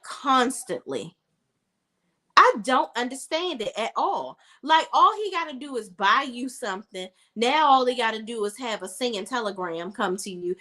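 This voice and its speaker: Woman recapping a tv show, voice swoops way up and down, acts out the lines. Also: a little high. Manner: animated, exclaiming, acts out characters' lines. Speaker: TV recap host. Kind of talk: casual TV recap commentary.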